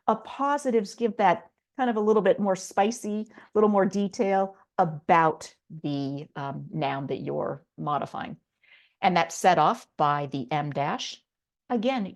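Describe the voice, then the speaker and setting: With a medium-pitched, darkish voice, a middle-aged writing instructor walks her online class through a lesson step by step, patient and using a few fillers.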